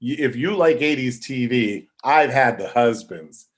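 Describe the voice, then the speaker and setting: A man's voice: medium pitch, a little slow. Chatty man telling backstage stories. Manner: chatty, animated anecdotes with quoted voices. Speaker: guest. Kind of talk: casual podcast storytelling.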